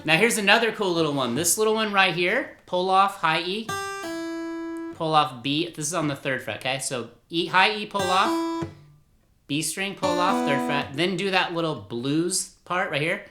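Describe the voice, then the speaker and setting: A man with a high voice teaches guitar at a moderate pace, casual, rambling and upbeat, laughing at himself as he goes. The recording has a roomy echo with guitar playing.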